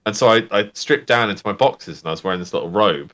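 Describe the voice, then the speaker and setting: A man's voice: fairly low pitch, fast talker. Man telling a story. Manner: animated, swearing, laughing storyteller. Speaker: game master host. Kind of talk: casual chat, storytelling anecdote.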